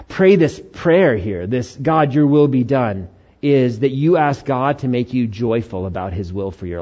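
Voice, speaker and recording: A middle-aged man preaching a sermon as a pastor, animated, acting out inner voices and God's replies. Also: fairly high pitch, lo-fi sound.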